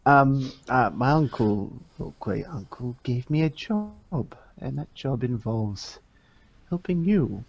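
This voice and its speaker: A man's voice: medium pitch, animated, slow, slightly rough, no room sound, highs cut off, heavily acted. A man voicing a fussy, pompous young nobleman trained in law, hesitant and affected, in a tabletop role-play.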